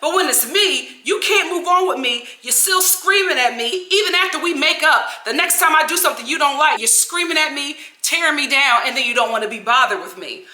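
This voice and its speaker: A woman's voice: high voice, animated, brisk, hardly any pauses, bright, forceful tone, echoey room, pitched above the performer's own voice. A woman quoting a reality-TV star, a sassy woman drawling in slang about being treated unfairly. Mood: exasperated. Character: exasperated woman reality-TV star calling out double standards.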